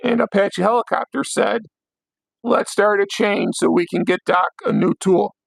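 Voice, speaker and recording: A hoarse young man hosting a late-night livestream, ranting bluntly with plenty of swearing. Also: high-pitched, moderate pace, no room sound, poor audio. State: hoarse, voice worn out. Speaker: livestream host.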